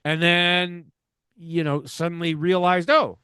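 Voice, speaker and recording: A middle-aged man co-hosting a podcast, talking through ideas in a measured, analytical way with many "you know" fillers. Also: fairly high pitch, expressive, a bit bright, dry recording, studio quality. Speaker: podcast co-host, reality TV commentator. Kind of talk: casual podcast discussion.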